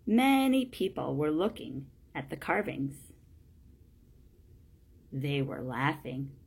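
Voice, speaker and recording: A woman with a low, husky voice reads a children's storybook aloud. She takes her time, with a gravelly edge on the words and a plain, steady delivery, one short sentence after another. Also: takes it slowly. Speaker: storybook reader.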